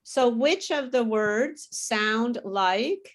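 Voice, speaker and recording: A woman teaching an English pronunciation class, modelling words slowly and patiently for students to repeat. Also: a little high, expressive. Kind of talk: online group pronunciation class.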